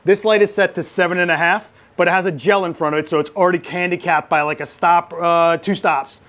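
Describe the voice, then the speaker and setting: A man running a live photography lighting demo, chatty and joking, with quick asides. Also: high voice, fairly even intonation, fairly bright tone. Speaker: photography instructor.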